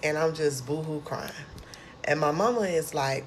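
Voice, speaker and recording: A woman's voice: low voice, moderate pace, slight background noise. A young woman, animatedly telling her own survival story in a casual storytime vlog. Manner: animated, expressive retelling with dialect and slang.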